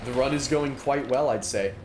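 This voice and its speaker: A young man streams a game, chatting casually and rambling with lots of fillers as he plays and reads chat aloud. He stands while streaming in a dorm-style room, speaking at a moderate pace in a mid-range voice. The recording has a roomy echo and faint room noise.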